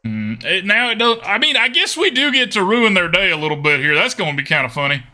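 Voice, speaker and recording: Bright-voiced man in a put-on drawl. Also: high voice, big pitch swings, fast. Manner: chatty, talks to chat viewers; jokingly put-on twangy drawl. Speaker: streamer. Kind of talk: casual card-game stream commentary.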